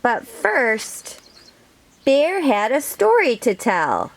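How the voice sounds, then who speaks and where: Slow gentle storytime woman. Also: sits high, huge pitch swings, creaky. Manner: gentle, asks the children questions. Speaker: children's storytime host. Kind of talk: reading a picture book aloud to children.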